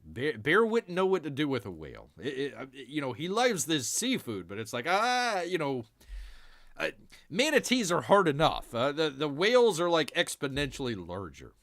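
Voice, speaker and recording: A man's voice: a little high, sing-song, normal speed, a bit bright, no room sound, clean studio sound. A man hosting a casual livestream, joking and sarcastic, calling himself by his nickname in third person and addressing the audience as "people". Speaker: livestream host. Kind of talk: casual livestream news chat.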